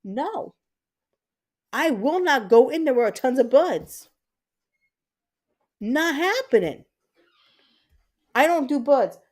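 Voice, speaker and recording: A woman's voice: high-pitched, slow pace, pauses often. A woman in her thirties hosting a live stream, chatting casually and telling stories with lots of swearing. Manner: animated, profane storytelling. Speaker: livestream host.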